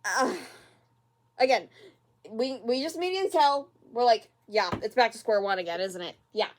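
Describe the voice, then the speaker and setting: A person hosting a reaction video, talking casually and rambling with many fillers and repeats, sighing in exasperation at the show. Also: female voice, a little high, moderate pace.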